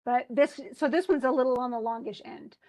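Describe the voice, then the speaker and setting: A woman's voice: sits high, brisk, warm tone. A middle-aged woman teaching a classroom lesson on poetry meter, chatty and thinking aloud as she corrects herself.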